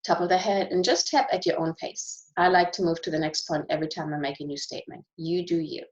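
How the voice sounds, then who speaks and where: A woman leading a guided tapping session, speaking slow, deliberate affirmations for listeners to repeat. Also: lowish voice, fairly even intonation. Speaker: tapping practitioner. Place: at home. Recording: dull, roomy home recording.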